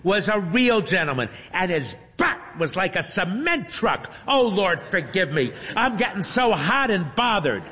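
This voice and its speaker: Gossipy woman in her 70s, breathless and gushing, pitched up high, as a male narrator puts her on; long hall reverb. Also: very animated, measured pace, hardly any pauses, a bit bright. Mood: giddy. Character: chatty 74-year-old woman, flustered and gossipy.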